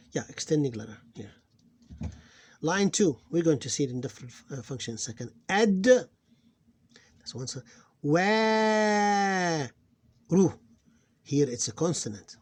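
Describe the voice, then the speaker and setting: A man teaching a phonics lesson, explaining step by step and sounding out syllables loudly. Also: mid-range voice, breathy edge.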